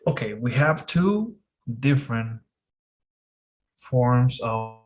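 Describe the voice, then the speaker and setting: A man gives a casual English lesson, explaining slowly and calmly and often pausing to check in with "okay". His pitch sits at a middle level. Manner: slow, relaxed explaining with frequent "okay". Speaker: English teacher.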